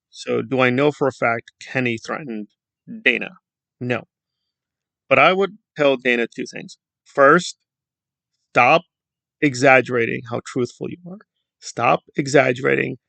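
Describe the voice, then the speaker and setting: A man's voice: mid-range voice, measured pace, gravelly, pauses often, sharp tone, dry recording. A man giving sarcastic, lecturing commentary on his YouTube channel. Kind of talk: opinion commentary vlog.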